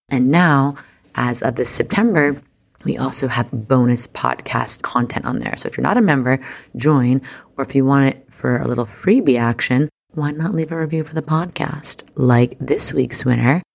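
A woman hosting a podcast talks on her own in a bubbly, slangy, chatty way. Her voice carries a steady vocal fry that crackles at the ends of her phrases. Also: a bass voice. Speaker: astrology podcast host. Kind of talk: casual solo podcast monologue.

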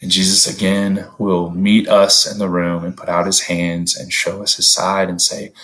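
A man preaching a sermon in an earnest, conversational way, often rising in pitch to stress a point. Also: level tone, moderate pace, hardly any pauses, a bit bright, low-quality recording.

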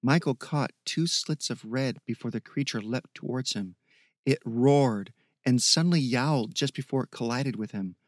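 Brief: male audiobook narrator, steady even reading, medium pitch, dead-dry booth sound. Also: moderate pace, dry recording.

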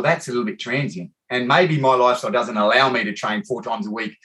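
An Australian man with a medium-pitched voice hosts a relaxed podcast chat. He tells lively, meandering stories and keeps calling people "mate."

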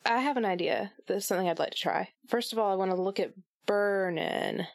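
A woman's voice: mid-range voice, fairly quick, creaky. A woman takes her turn in a tabletop game with a casual, playful manner. Her voice sits at an ordinary middle height. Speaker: player.

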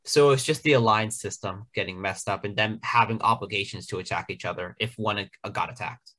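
A man's voice: lowish voice, bright, forceful tone. A young man co-hosting a casual podcast, teasing his co-host and laughing easily. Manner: teasing, quick to laugh, explains things. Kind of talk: casual chat.

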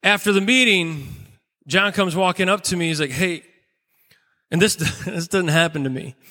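A male pastor delivers a sermon in a high, bright voice, telling stories earnestly and pausing for weight. His words ring out with a long reverb, as in a large church hall. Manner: earnest storytelling with dramatic pauses.

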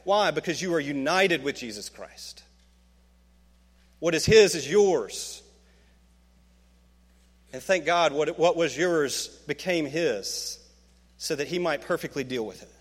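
A man preaching a sermon, swinging from hushed, slow lines to emphatic, rising peaks. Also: lively intonation, in a large hall. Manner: emphatic, rising to fervent peaks, dropping low and slow for quoted words. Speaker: pastor.

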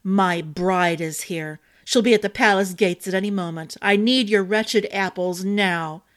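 A woman's voice: mid-range voice, measured pace, close to an everyday voice. Woman voicing a snarling angry young king. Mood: impatient. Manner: growling, clipped and forceful.

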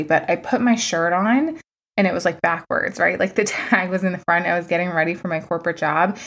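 A woman hosting her own podcast as a coach, talking casually and candidly, with lots of "like" fillers and some swearing. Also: lowish voice. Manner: candid, chatty, swears freely, many "like" fillers. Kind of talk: casual solo podcast talk.

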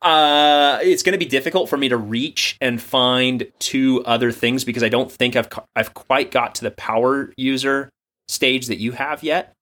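A man's voice: medium pitch, fairly even intonation, moderate pace, fairly bright tone. An American man co-hosting a casual tech chat from his home office over a remote call, enthusiastic and jokey, with rambling sentences. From United States. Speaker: podcast co-host. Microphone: remote call mic.

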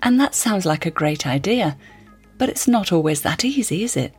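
A woman's voice: fairly low pitch, expressive, normal speed, darkish tone, husky, faint music behind. A woman hosting a podcast, with wry, conversational scripted narration. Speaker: podcast host.

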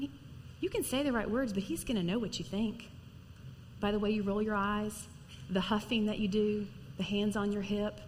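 A middle-aged woman preaching to women in a lively, conversational sermon, acting out little stories as she goes. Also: medium pitch, in a large hall, slight background noise. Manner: lively, animated storytelling with acted-out quotes. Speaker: women's ministry speaker.

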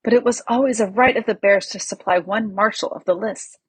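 A woman's voice: medium pitch, a little fast, husky, no echo. A woman voicing an old sleepy male bear with a thick, drowsy voice. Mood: pleading.

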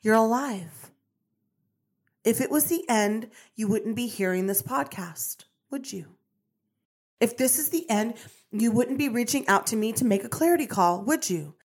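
A woman hosting a podcast, giving an energetic motivational monologue on manifestation, repetitive and preachy, swearing casually. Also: on the high side, unhurried, breathy edge. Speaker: podcast host and manifestation coach.

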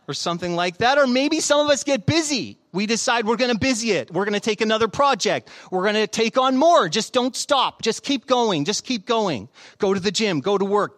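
A pastor in his thirties speaks in a high, fairly bright voice. His preaching feels like a conversation: he reads passages from scripture, tells stories, and keeps asking rhetorical questions.

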